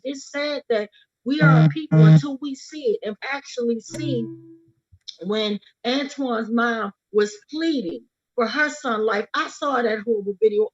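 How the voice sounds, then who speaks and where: A woman speaking urgently and emphatically as an activist, repeating her key words for force. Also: a little high. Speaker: activist speaking about her brother's death. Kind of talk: impassioned speech at a livestreamed rally. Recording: lo-fi livestream audio.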